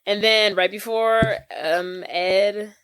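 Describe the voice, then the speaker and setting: A woman co-hosting a movie recap podcast, chatting casually and animated, with slang and quick impressions of the characters. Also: mid-range voice, smooth, no room sound. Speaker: podcast co-host.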